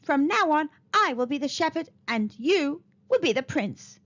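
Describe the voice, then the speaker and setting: A cheeky storybook princess with a high, bouncy voice that swoops up and down, sly and bossy and prone to fibbing, as a woman reads her out. The recording sounds a little dull and lo-fi. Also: big pitch swings, a little slow, fairly bright tone, heavily acted. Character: bossy mischievous girl princess turned shepherd.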